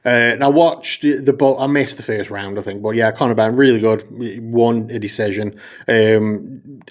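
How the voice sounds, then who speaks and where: A man's voice: lowish voice, steady tone, normal speed. A man co-hosting a podcast in casual chat, sweary and rambling, laughing often and filling gaps with ums. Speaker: podcast co-host.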